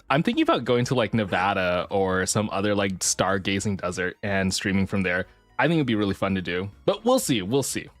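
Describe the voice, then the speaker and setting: With no echo in the sound, a woman casually chats to her stream audience, one moment squealing with excitement and the next mumbling low, sometimes swearing.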